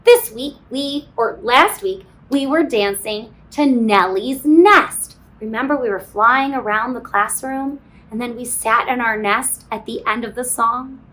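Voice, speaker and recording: A woman teaching a phonics lesson to kindergarten children, slow and sing-song, encouraging, with playful sound effects. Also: a little high, fairly bright tone. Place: classroom.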